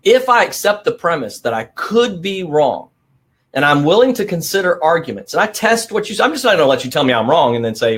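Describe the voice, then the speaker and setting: A man's voice: on the high side, sing-song, a little fast, a bit bright, husky. A middle-aged man hosting a motivational live stream, talking with energy, stressing points and often adding "right?".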